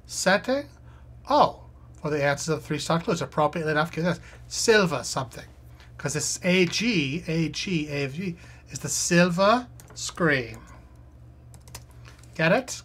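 Husky low-voiced woman muttering crossword clues. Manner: reads clues aloud and mutters guesses. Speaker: live streamer. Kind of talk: thinking aloud while solving a crossword.

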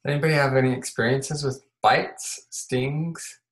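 A woman joining a casual group chat, halting and searching for words. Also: a bass voice, steady tone, low-quality recording. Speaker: class participant.

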